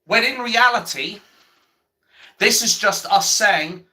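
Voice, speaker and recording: Speaking slowly in a high-pitched, sharp voice, this livestreamer delivers a blunt political rant. He swears plenty, repeats himself, and stops at times to reply to viewers in the chat.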